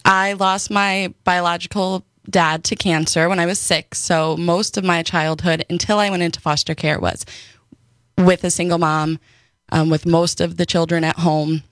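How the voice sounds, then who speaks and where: A young woman from Wisconsin telling her personal story as a radio guest, soft and hesitant with many pauses. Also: lowish voice, fairly even intonation, dry recording.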